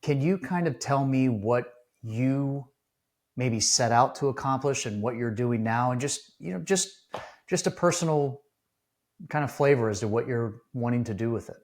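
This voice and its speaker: Earnest, halting male podcast host. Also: mid-range voice, a little mellow. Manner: earnest, halting, with many restarts. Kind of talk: casual interview talk.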